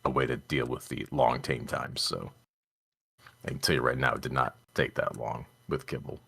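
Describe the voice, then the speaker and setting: A man's voice: extremely low pitch, little pitch movement, moderate pace, vocal fry, fairly bright tone, breathy edge. A man co-hosting a casual gaming podcast, talking in emphatic rants and laughing often. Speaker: co-host.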